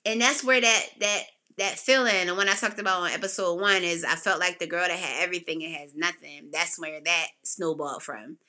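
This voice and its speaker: A woman hosting a podcast, telling a personal story in a casual way and acting out what people said with sudden jumps in pitch. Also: brisk, hardly any pauses. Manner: animated, acts out quotes with big pitch jumps. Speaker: podcast host.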